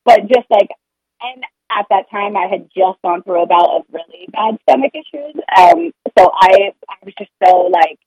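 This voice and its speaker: A woman talks through parenting advice in a loose, conversational way, circling back on her words. Her voice is slightly husky and sits in a middle range. The sound is dry and close, with no room echo. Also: mid-range voice, animated, moderate pace, a little mellow, highs cut off. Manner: earnest, rambling, acts out sing-song parent scripts. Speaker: parent sharing potty-training experience. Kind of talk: casual podcast conversation.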